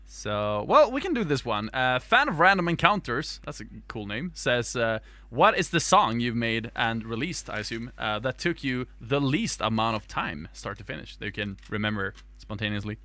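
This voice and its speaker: Bright-toned Swedish-accented man, rambling. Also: mid-range voice, big pitch swings, moderate pace, hardly any pauses, no room sound. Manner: rambling, hesitant, lots of fillers and restarts. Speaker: podcast co-host. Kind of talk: casual podcast chat.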